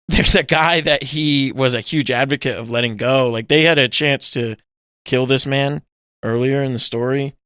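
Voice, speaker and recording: A man co-hosting a casual podcast, recounting scenes with a lot of swearing and sudden acted-out yells. His voice is bright and crisp. It sounds close and dry, with no room around it. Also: mid-range voice, normal speed, no echo. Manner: animated storytelling, swearing, loud acted-out yells. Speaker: podcast co-host. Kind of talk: casual chat.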